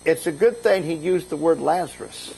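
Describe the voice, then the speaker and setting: A man's voice: on the high side, normal speed, vocal fry, a little mellow, slight background noise, poor audio. A middle-aged man, a bishop, preaching a conversational sermon, retelling scripture in a casual, folksy way and lifting his voice for quoted lines.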